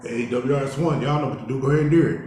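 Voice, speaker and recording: A man from Oakland telling prison stories in a streetwise, animated way while he cooks, growing heated as he tells of confrontations. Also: mid-range voice, racing. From Oakland, California. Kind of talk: casual storytelling while cooking. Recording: very echoey room, faint noise.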